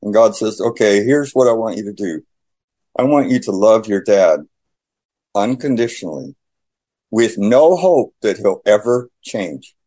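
A man sharing a personal faith testimony in conversation, telling his story in animated style and acting out the dialogue. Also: lowish voice, measured pace.

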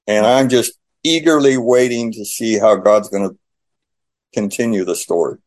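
A man sharing a personal faith testimony in conversation, telling his story in animated style and acting out the dialogue. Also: on the low side, moderate pace.

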